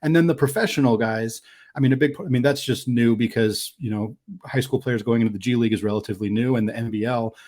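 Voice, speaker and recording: Measured analytical podcast man. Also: medium pitch, a little mellow. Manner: measured, analytical, trails off mid-thought. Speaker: podcast co-host. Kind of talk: casual sports talk.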